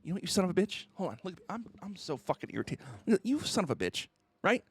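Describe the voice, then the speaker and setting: A man's voice: high-pitched, sing-song, fast talker. A man streamer ranting on a casual livestream, mock-indignant and theatrical, who keeps asking "okay?".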